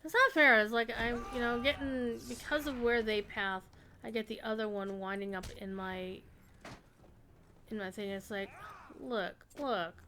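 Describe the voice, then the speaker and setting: Chatty lady gamer streaming, bright voice, bit high, faint hiss behind. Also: steady tone, measured pace. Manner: chatty, talks to her pets and chat. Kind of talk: casual gameplay commentary.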